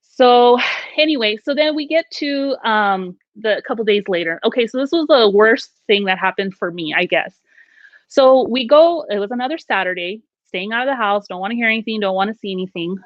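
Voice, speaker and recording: A woman's voice: on the high side, brisk, no room sound. Woman telling a ghost story, muffled dry sound. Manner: animated, acts out quoted lines. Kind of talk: casual storytelling chat. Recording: dull, dry lo-fi audio.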